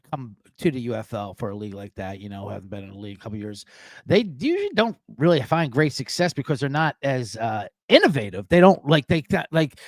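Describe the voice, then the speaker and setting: Excitable man with a lively, higher voice. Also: no echo. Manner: excitable, swears, acts out quotes in a raised voice. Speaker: podcast co-host. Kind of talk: casual sports betting chat.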